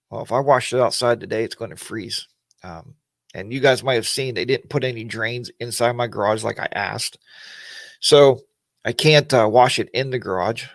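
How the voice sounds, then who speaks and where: Male stream host, gravelly voice, dry close sound, rambling folksy chat with viewers. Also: mid-range voice, dry recording. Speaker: host of a weekly livestream chat. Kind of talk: casual livestream chat.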